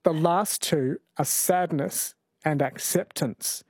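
A man's voice: on the high side, slow, darkish tone, slightly rough, no room sound. A man hosting a radio phone-in quiz in a casual, chatty way, laughing easily.

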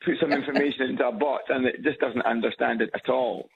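A man's voice: medium pitch, steady tone, quick pace, creaky, a little hiss or hum. A man with an Edinburgh Scottish accent, calling into a radio show on speakerphone, chatty and hesitant with fillers and repeats. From Scotland. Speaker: radio caller. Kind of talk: casual phone-in chat. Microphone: phone on loudspeaker. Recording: lo-fi phone line.

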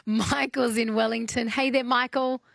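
A woman's voice: a little high, steady tone, normal speed, gravelly, no room sound. An Australian woman hosting a call-in radio quiz, bubbly and exclamatory, laughing often. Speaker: radio host.

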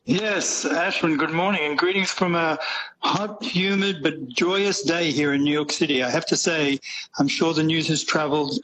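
A man's voice: a little high, normal speed, fairly bright tone, rough recording. Guy calling into radio live, upbeat, lots of uhs, a bit of hiss behind. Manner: upbeat, with many fillers. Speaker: radio correspondent.

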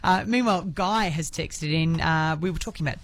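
A woman's voice: on the low side, brisk. A woman hosting a radio show in casual, chatty talk, often restarting her sentences. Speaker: radio host. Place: radio studio.

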